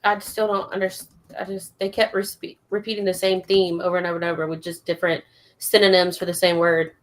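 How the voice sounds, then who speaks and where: A woman's voice: fairly low pitch, level tone, a little fast. A woman co-hosting a live music review stream, giving her opinions in a hesitant, self-correcting way. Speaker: co-host reviewer. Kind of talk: casual live-stream chat.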